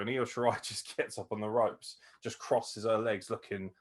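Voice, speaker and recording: Excitable man ranting about wrestling. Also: fairly low pitch, moderate pace, few pauses. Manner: excitable, swears freely, laughs often. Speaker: podcast host. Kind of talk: casual wrestling review commentary.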